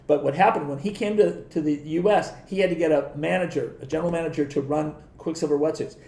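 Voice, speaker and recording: A man's voice: on the high side, quick pace, warm tone, roomy sound. A middle-aged man, a guest on a podcast, telling rambling stories in a casual way, with many restarts. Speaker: guest, former pro surfer and surf industry rep. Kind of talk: casual storytelling.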